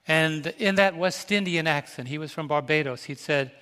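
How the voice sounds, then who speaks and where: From the pulpit, an older male pastor from New York tells a tender family memory in a voice a little high for a man, brisk, pushed, and bright. Personal and emotional, he calls out to the congregation, and his storytelling sermon rings through a large hall with long, lingering reverb.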